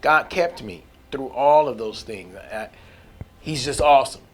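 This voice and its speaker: A man's voice: mid-range voice, a little slow. A man giving a personal faith testimony in an earnest, candid, conversational way, with folksy phrasing. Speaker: testimony speaker.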